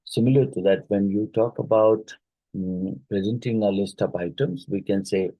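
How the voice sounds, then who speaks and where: A man's voice: lowish voice, a little slow, husky, no echo, highs cut off. A man from India with Odia-influenced English, teaching a phonetics exam-prep lesson and explaining with many fillers and checks like "isn't it".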